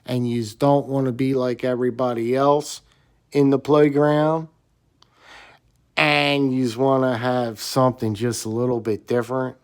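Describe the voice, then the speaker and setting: A man telling a rambling, excitable story about buying a flashlight. He sounds slightly hoarse and repeats himself often. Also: mid-range voice, a little slow. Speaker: gear reviewer. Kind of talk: casual storytelling vlog.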